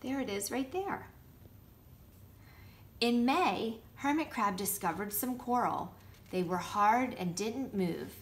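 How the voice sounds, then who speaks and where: A nursery school teacher, a woman, reading a picture book aloud to children with lively asides. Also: mid-range voice, slow, pauses often. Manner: warm, lively storytelling with asides showing pictures.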